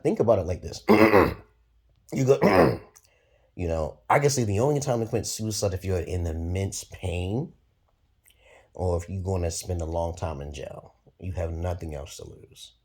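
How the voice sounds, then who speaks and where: A man in his forties from Brooklyn, New York, giving a profane, rambling monologue to camera with sudden loud jumps. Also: low voice, slightly rough. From Brooklyn, New York, USA. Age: 40s. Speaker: vlogger.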